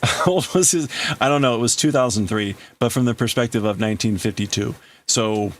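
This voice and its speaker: A man hosting a livestream, casually translating manga aloud and thinking out loud in broken-up phrases. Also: mid-range voice, fairly quick. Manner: thinking aloud, breaking up phrases, laughing at himself. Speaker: livestream host.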